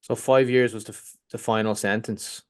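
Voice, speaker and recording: A man's voice: fairly low pitch, fairly even intonation, normal speed, clean tone. A man hosting an interview, asking short prompting questions. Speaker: interviewer host.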